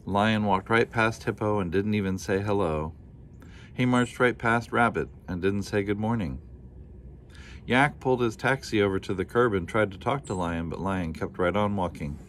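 A man narrates a children's picture book at an unhurried, gentle pace. His voice sits on the low side, and a faint background hiss runs under the reading. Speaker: storybook reader. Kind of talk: children's story read-aloud narration.

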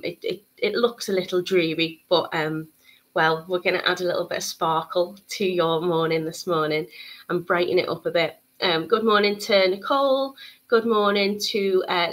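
A woman's voice: fairly low pitch, normal speed, fairly bright tone. A young woman hosting a live bead-craft tutorial stream, bubbly and chatty, greeting viewers and filling gaps with lots of ums. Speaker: bead shop tutorial host.

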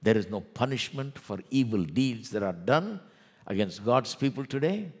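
Husky-voiced Indian preacher in an echoey hall. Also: male voice, mid-range voice, normal speed. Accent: Indian English. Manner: animated preaching, acts out scoffers. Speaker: pastor. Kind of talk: sermon.

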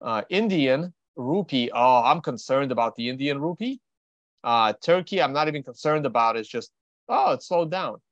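With an expressive, mid-range voice and a moderate pace, this Russian trader runs a casual livestream of market talk, thinking aloud in a blunt, rambling, offhand style. The recording has no room sound and comes across dry and slightly dull.

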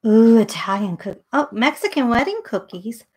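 A woman's voice: fairly high pitch, sing-song, moderate pace, a little mellow, slightly rough. A middle-aged woman hosting a live painting tutorial, chatting and thinking aloud as she works. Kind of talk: live painting demo with casual chat.

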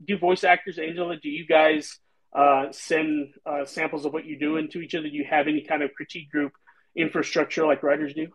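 A man's voice: a little high, little pitch movement, fairly quick, low-quality recording. A man writer hosting a book chat, telling rambling self-deprecating stories. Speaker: host, writer. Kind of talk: casual panel chat.

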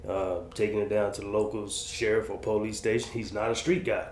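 A man's voice: lowish voice, steady tone, a little fast. A man hosting reaction commentary, giving easygoing street-slang advice. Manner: laid-back, slangy, big-brother advice. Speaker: commentary host. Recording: roomy room with faint noise.

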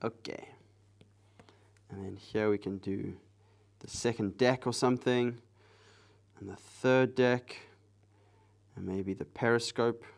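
A man hosting a live drawing stream, chatting casually with viewers in a soft, relaxed way while he works. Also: medium pitch, slow, vocal fry, pauses often. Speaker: live-stream artist host.

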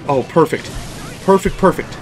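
A man giving live commentary over his own mobile game match, excitable and chatty, often repeating himself and cheering or groaning at the action. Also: on the high side, moderate pace, faint music behind. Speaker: gaming YouTuber.

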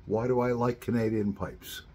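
A middle-aged man hosting a relaxed vlog as he smokes his pipe, murmuring slow, savoring remarks between puffs. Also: on the low side. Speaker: pipe smoking channel host.

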